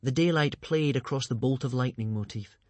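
A man narrating a children's storybook aloud in an expressive, lively way. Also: medium pitch, brisk, no room sound. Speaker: audiobook reader.

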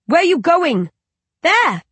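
A high, chirpy little voice for an eerie mutant baby, sweet and innocent in a storybook reading, as a woman puts it on. The sound is dry and close, with no room around it. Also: very animated, takes it slowly, a bit bright, no room sound, heavily acted. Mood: eager. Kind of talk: audiobook character voice.

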